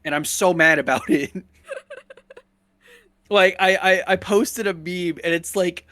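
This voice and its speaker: A man's voice: high-pitched, a little slow, fairly bright tone, dry recording. A man streamer in casual chat, joking and laughing often, sometimes trailing off.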